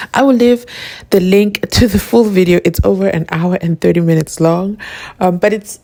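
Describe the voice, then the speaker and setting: A woman's voice: mid-range voice, creaky, a little mellow. A woman hosting a casual commentary vlog, asking rhetorical questions and laughing often. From South Africa. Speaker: channel host.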